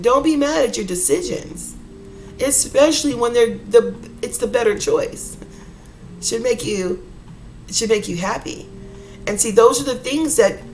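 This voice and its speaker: Brief: woman host, mid-pitched, earnest and rambling motivational chat, faint music underneath. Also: low-quality recording. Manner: rambling, earnest, addresses listeners as y'all. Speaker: inspirational podcast host. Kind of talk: casual motivational talk.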